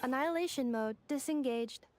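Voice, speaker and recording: A woman's voice: high-pitched, moderate pace, a little hiss or hum, natural voice. Actress for game android, woman, cold clipped system voice. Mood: robotic. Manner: flat, clipped machine announcements. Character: female android, cold and obedient.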